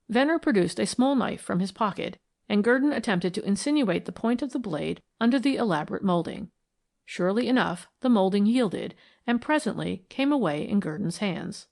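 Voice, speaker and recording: Gravelly woman narrating an audiobook. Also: medium pitch, expressive, normal speed, darkish tone. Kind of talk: scripted narration of a classic mystery.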